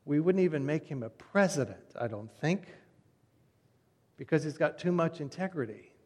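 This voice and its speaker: A man preaching a sermon as pastor, telling stories conversationally, with his voice dropping soft at the ends of phrases. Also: fairly high pitch, expressive, normal speed. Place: church sanctuary. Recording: long reverb of a church hall.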